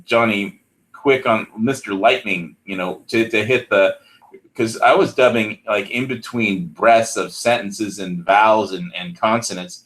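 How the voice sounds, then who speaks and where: A man in casual chat, a recording engineer who rambles excitedly and trails off mid-sentence. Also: fairly low pitch, unhurried.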